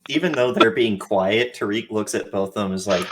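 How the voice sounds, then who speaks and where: A man taking part in a tabletop game session, describing what his character does in a low-key, hesitant manner. His voice sits lowish. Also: brisk, few pauses, fairly bright tone, a little hiss or hum. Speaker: player. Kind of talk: tabletop role-play narration.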